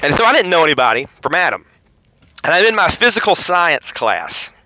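A middle-aged man from the Southeastern United States hosts a casual podcast, spinning a wry, sarcastic story with lively swings in pitch. He talks a little fast, and there's background noise.

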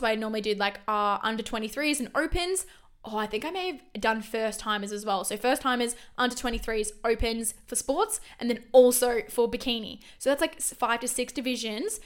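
A young woman in her early twenties, hosting a solo podcast in a chatty, fast way, often correcting herself mid-sentence. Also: a little high. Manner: chatty and fast, with frequent self-corrections and fillers. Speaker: podcast host. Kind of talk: casual solo podcast monologue.

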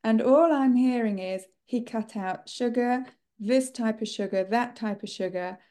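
A woman hosting a conversation. She has a somewhat high pitch and a warm, relaxed tone, and she interrupts curiously to dig deeper. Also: a little slow. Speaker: podcast host.

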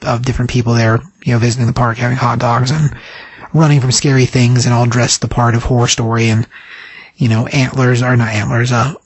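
A man's voice: mid-range voice, slightly rough, no echo. A man casually recapping a comic book scene by scene, rambling with many fillers.

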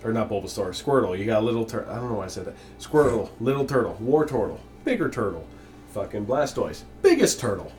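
A man's voice: fairly low pitch, lively intonation, fast, a little mellow, distant mic, soft background music. A man co-hosting a casual gaming podcast, rambling and goofy, often stumbling over his words. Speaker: podcast co-host.

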